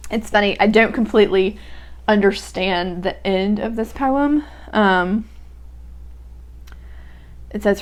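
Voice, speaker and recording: A young woman who hosts a poetry podcast reads a poem aloud and muses casually on its lines, using lots of "like" and "um." Her voice is medium-pitched and slow, with long pauses.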